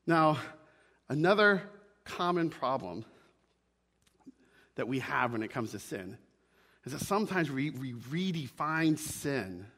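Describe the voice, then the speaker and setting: A man's voice: on the high side, fairly bright tone, in a large hall. A man preaching a sermon, emphatic, repeating his key lines and checking in with "right?". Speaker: pastor.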